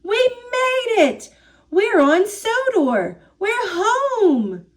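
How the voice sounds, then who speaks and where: A small, eager young tank engine, voiced by a woman reading a storybook, his voice pitched well above her own. He exclaims in bright, breathless bursts. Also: drawn-out words, exaggerated voice. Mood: excited. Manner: high, excited, breathless exclaiming.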